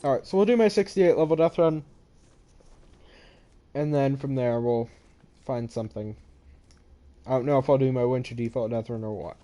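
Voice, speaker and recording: A man's voice: mid-range voice, moderate pace, pauses often, dark tone. Sleepy young man touring game maps. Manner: rambling, sleepy, yawning and apologizing. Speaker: gaming channel host. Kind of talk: casual game map walkthrough. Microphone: head-mounted microphone.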